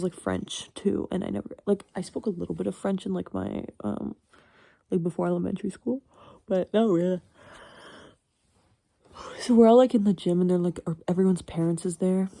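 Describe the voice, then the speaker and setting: A woman's voice: on the low side, lively intonation, moderate pace, creaky, mellow, dry recording. An eighteen-year-old woman talking to herself late at night in a rambling, frank way, swearing freely and chuckling often. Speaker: university student. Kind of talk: casual late-night solo chat.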